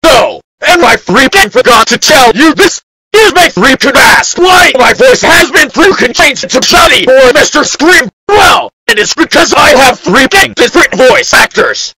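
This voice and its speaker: A man playing a furious cartoon dinosaur who yells without pause, spitting out chains of nonsense words. The voice is extremely high and piercingly bright, hammering every phrase. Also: animated, dry recording, exaggerated voice, rough recording. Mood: ranting. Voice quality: high, bright, shrill yelling TTS-style voice. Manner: screaming long strings of nonsense insults. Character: furious purple dinosaur error character, male, ranting nonstop. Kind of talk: fan-made text-to-speech error video.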